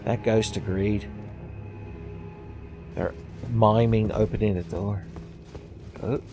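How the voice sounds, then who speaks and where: Man, sarcastic let's-play host, a bit low, light music under him. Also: steady tone, slow pace, gravelly. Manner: wry, sarcastic and profane, often laughing. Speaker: gaming video host. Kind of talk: casual let's-play commentary.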